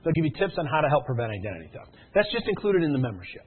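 An energetic man pitches a service and tells stories at a rapid clip, often checking whether his listeners are following. His voice is slightly husky and sits a little high for a man. The sound is thin and narrow, like a phone line. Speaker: sales presenter. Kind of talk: sales pitch with storytelling.

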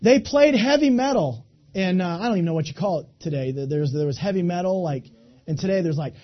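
A man in his twenties giving an animated, folksy motivational talk, speaking directly to a live audience. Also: high-pitched, brisk, muffled recording. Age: 20s.

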